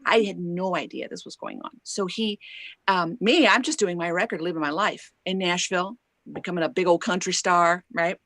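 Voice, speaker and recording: A woman singer telling an animated story as an interview guest, acting out quoted voices and tagging lines with "right?". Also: on the low side, normal speed, dry recording. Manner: lively storyteller who acts out quoted voices and laughs often; chatty, many "like" and "right?" tags.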